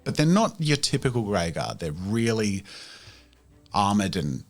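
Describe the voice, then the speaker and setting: A man with a fairly low voice narrates a tabletop game as its game master. He rambles casually and fills pauses as he goes, and his pitch moves with a lot of life. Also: sing-song, soft background music.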